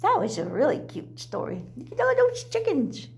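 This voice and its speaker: A woman's voice: high voice, wildly swooping pitch, moderate pace, vocal fry, a little mellow, slight background noise. A woman reading a children's picture book aloud, adding chatty asides about the pictures. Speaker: storyteller.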